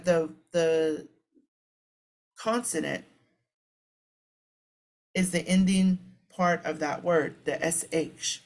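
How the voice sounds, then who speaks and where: Slow, patient woman teaching words. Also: on the low side. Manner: slow and patient, repeating each word. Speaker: language teacher. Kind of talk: relaxed spoken lesson.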